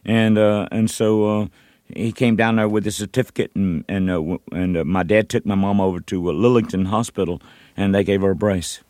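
An older man from North Carolina tells stories in a radio interview, looping back with "you know" and restarting his sentences. His voice sits a little low. The studio sound is close and dry. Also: fairly even intonation, brisk, a little mellow, no room sound. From North Carolina, USA. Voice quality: short of breath. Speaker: guest musician. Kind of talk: rambling interview storytelling.

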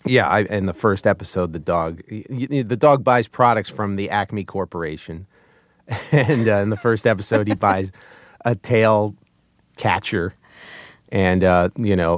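A man being interviewed as a puppeteer, talking casually, halting and chuckling as he tells stories. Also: low-pitched, no echo. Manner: hesitant, full of restarts and chuckles. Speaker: puppeteer guest.

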